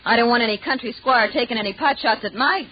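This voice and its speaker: A woman's voice: fairly high pitch, slight background noise, lightly acted. An actress playing a brash, joking young city woman in a 1940s radio drama, on a dull old broadcast recording. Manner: brassy, joking, quick with quips.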